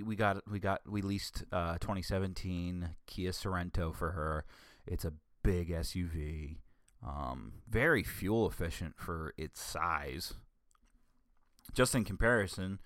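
A man's voice: sits low, a bit bright, no echo, studio quality. A young adult man talking casually and rambling, with many restarts and an offhand tone. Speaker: vlogger.

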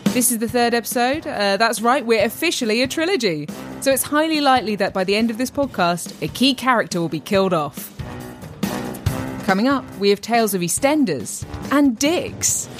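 A woman's voice: a little high, animated, moderate pace, music in the background. A woman from England hosting a comedy podcast, introducing guests with dry jokes. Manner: dry, jokey delivery. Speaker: podcast host.

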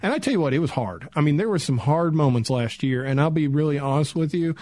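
A man's voice: a little high, lively intonation, fast, a little mellow, no room sound. A middle-aged man hosting a radio talk show, chatting casually and telling self-deprecating jokes. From Tennessee. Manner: joking, self-deprecating storyteller.

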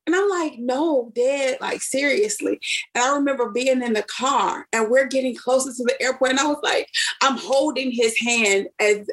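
Woman, from Chicago, young adult, husky breathy voice, fairly high pitch, lively storytelling. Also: normal speed. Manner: animated storyteller who acts out quoted speech. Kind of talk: casual chat.

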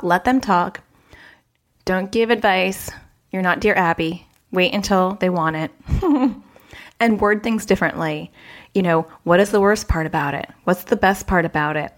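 A woman who works as a child therapist, hosting a parenting advice podcast in a chatty way and acting out the quoted dialogue with jumps in pitch. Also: measured pace.

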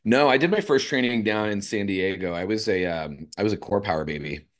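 Deep-voiced man telling stories. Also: a little fast. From Los Angeles, USA. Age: 30s. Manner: lively storyteller, swears freely. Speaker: podcast guest, yoga teacher. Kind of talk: casual chat.

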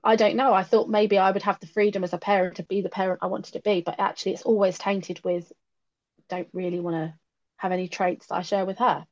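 A woman in her late thirties talks openly as a podcast guest, reflective and frank with a self-mocking streak. Her voice sits at an ordinary middle pitch. The audio is a little dull and lo-fi, as from a remote call. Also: flat delivery, fairly quick, darkish tone. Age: late 30s. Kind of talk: candid personal conversation.

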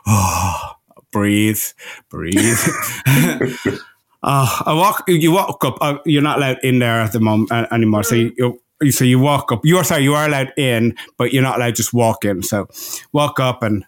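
A young man co-hosting a casual podcast, his pitch sitting in an ordinary middle range. He tells a story with animated energy, slipping into quoted voices of the people involved. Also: a little fast. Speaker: podcast co-host. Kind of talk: casual chat.

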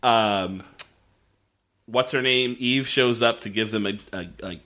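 A man's voice: lowish voice, takes it slowly, bright, forceful tone. A man casually recapping a TV show on a podcast, swearing often and rambling through restarts and fillers. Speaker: podcast co-host.

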